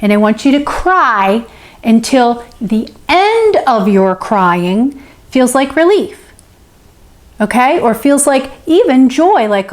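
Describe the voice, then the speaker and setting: Her voice is fairly high and sing-song, and she speaks slowly as host of a spiritual self-help channel. Teaching to camera in reply to a viewer, she offers encouragement, repeats phrases to stress them, and keeps asking "okay?"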